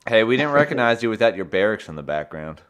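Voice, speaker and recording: Male host, very low voice, laid-back joking chat with guests. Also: big pitch swings, quick pace, a crowd in the background. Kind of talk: casual livestream chat.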